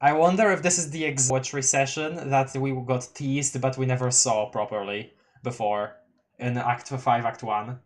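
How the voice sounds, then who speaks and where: Excitable streamer reading a webcomic live. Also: mid-range voice, measured pace. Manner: excitable, laughs often, restarts sentences. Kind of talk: casual live-read commentary.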